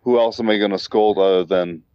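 A man's voice: on the low side, steady tone, a little fast, a little mellow, clear, resonant tone, no echo, dull audio. A man co-hosting a podcast, voicing frustrated criticism in casual chat. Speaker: podcast co-host. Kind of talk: casual comic book chat.

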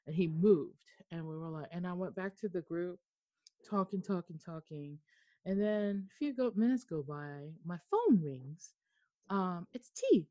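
A young woman from Okinawa, Japan, tells a casual story over a video call from her home in Texas during a storm. She's animated, swears freely, and quotes herself acting out what she said. Her voice is fairly low, at normal speed, in a dry recording.

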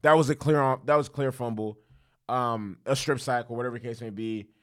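A man's voice: medium pitch, fairly even intonation, fairly quick. A young man giving a casual football recap that turns into a heated, profane rant, with many restarts and fillers. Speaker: sports commentator, football fan.

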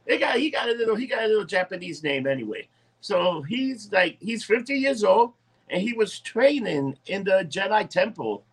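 A man's voice: high voice, expressive, moderate pace, slightly rough. A man co-hosting a casual podcast, talking loosely and profanely, often stumbling over words. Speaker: podcast co-host. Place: dim indoor room.

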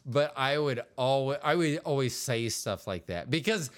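A man's voice: medium pitch, animated, normal speed. A man co-hosting a podcast, chatting casually with his partner in a rambling, joking, self-deprecating way. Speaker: podcast co-host.

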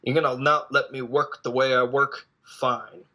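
A man voicing a fed-up male investigative reporter in a slow, resigned way. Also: mid-range voice, flat delivery, pushed and bright.

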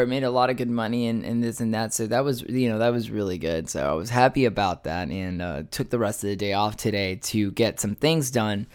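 A man's voice: on the low side, a bit bright, clear, resonant tone. A man talking straight to the camera in a casual, rambling vlog monologue, full of fillers, restarts and swearing, laughing at himself. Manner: self-mocking, laughs at his own story. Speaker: vlogger.

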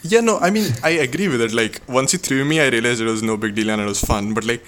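A man's voice: mid-range voice, fast talker, a bit bright. A young man from India, a podcast co-host, telling a story in casual chat and tagging sentences with "okay?". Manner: rambling, tags sentences with "okay?".

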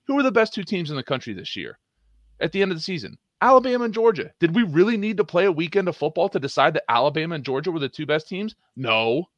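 A man's voice: fairly high pitch, sing-song, fast, fairly bright tone, no echo, lo-fi sound. A man co-hosting a sports talk show, arguing his case with emphatic rhetorical questions and punchy commands. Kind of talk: opinionated sports debate.

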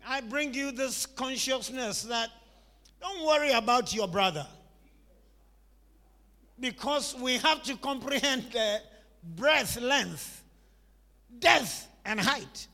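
A man's voice: very high-pitched, pushed and bright, big-room sound. A man preaching a sermon, emphatic and repetitive, calling on the congregation to repeat after him.

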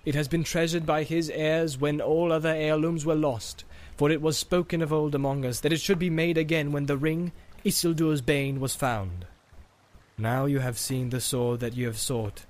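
A man's voice: darkish tone, lightly acted. A man voicing a weathered, solemn ranger in a read-aloud story. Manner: low, measured, solemn. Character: weathered grave ranger man, calm heir.

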